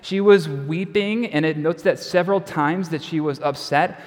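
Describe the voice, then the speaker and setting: Conversational pastor preaching in a reverberant hall. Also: male voice, on the high side, moderate pace. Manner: conversational and wry, with quiet trailing endings. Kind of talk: sermon. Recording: long reverb of a large hall.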